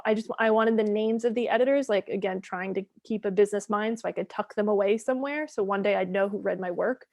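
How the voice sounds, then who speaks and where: A woman in her thirties, a guest author telling a story in a casual podcast chat, animated and full of "like". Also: mid-range voice, fast, hardly any pauses, dry recording. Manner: animated storytelling, says "like" a lot.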